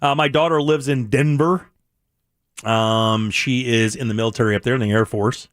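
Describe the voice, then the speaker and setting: A man's voice: medium pitch, steady tone, normal speed, no echo. A middle-aged man hosting a radio show in a studio, chatting casually, laughing often and restarting his sentences. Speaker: radio host.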